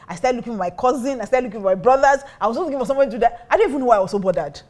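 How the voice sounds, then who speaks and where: A middle-aged woman with a Nigerian accent, a pastor and co-host, telling a story in a lively way and acting out the quotes. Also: a little high, racing, hardly any pauses. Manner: lively, acts out quotes, mixes in Pidgin. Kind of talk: casual storytelling chat.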